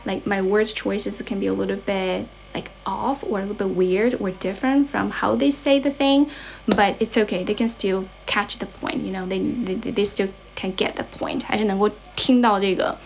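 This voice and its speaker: A young woman whose first language is Chinese chats casually on a livestream, reading viewers' comments and answering them. She speaks at an ordinary pitch, switches into Mandarin, restarts her sentences and corrects herself as she goes. A faint noise sits behind her voice. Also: steady tone, moderate pace, creaky. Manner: mixes English with Mandarin, chatty, self-correcting. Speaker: English tutor livestreamer.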